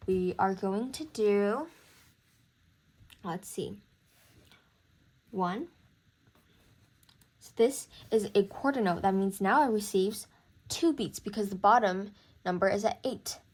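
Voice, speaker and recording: Young woman, music theory tutor, slow, breathy voice, encouraging, counts beats aloud. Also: mid-range voice. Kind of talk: casual teaching walkthrough. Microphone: camera mic at a desk.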